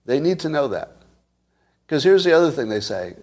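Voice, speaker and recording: A man's voice: on the high side, sing-song, moderate pace, a little mellow. A man giving a casual political monologue, blunt and profane, firing off rhetorical questions. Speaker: commentator.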